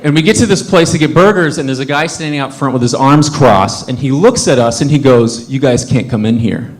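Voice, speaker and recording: A young man performing a stand-up comedy set on a club stage, telling stories animatedly and jumping into squeaky high voices for quotes. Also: fairly quick. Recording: live club audience laughter. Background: laughing audience.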